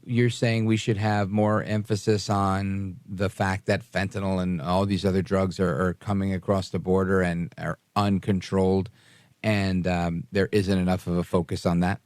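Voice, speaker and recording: A man's voice: low-pitched, little pitch movement, normal speed, darkish tone, no echo. A man hosting a call-in radio talk show, earnest and rambling as he answers a caller. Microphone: studio mic.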